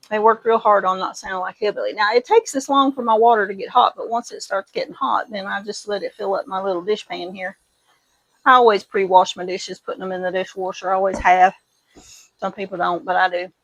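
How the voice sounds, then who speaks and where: Heard on poor audio with no echo, a middle-aged woman speaks at a normal pace with a steady tone and medium pitch. She runs a homesteading vlog and rambles through stories in her kitchen as she does the dishes, her Midwestern accent slipping into country Kentucky twang.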